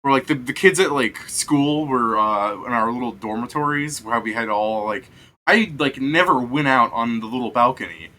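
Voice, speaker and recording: Young guy gm rambling through a story, lots of swearing, bright voice. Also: mid-range voice, moderate pace, slight background noise. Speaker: game master. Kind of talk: casual chat between game sessions.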